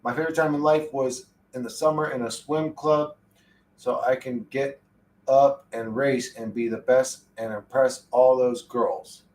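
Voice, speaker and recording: A man's voice: medium pitch, steady tone, unhurried, a little mellow, slight background noise. A young man chatting casually on a livestream, rambling and swearing in a laid-back way. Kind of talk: casual stream chat. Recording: echoey room, distant mic.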